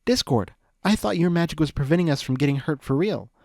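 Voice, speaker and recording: A man voicing an earnest, jittery young male dragon in a storybook reading, high and anxious. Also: lively intonation, brisk, gravelly, darkish tone, no echo, clean studio sound.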